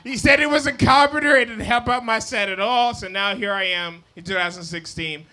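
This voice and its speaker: A man's voice: high-pitched, fairly quick. A drunk young man doing a rambling, apologetic stand-up set on a comedy club stage. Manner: rambling, apologetic, loose and loud.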